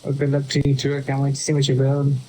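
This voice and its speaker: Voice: medium pitch, completely flat delivery, fast talker, warm tone, low-quality recording. A friendly, teasing player chatting over voice chat with a robotic glitch in the audio. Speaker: player on the same server. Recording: glitchy voice chat with game noise.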